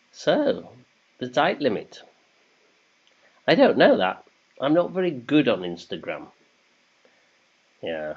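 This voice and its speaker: A man's voice: mid-range voice, huge pitch swings, slow, pauses often, husky. A man hosting a casual quiz, chatty and jokey, reading questions in English and then in German. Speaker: quiz host. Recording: dull lo-fi sound.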